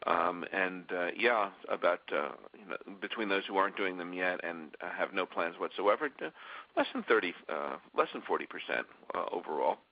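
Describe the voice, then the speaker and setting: A man co-hosting and moderating a webinar, relaxed and hesitant, filling pauses with "uh". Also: sits low, no room sound, lo-fi sound.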